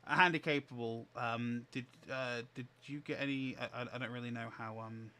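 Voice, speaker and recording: A man with a bright, forceful voice talking over a stream. He rambles calmly, circling back to fix his phrasing as he goes. A faint room noise sits under him. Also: mid-range voice, moderate pace. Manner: rambling, calm, self-correcting. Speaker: streamer co-host. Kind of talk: casual chat.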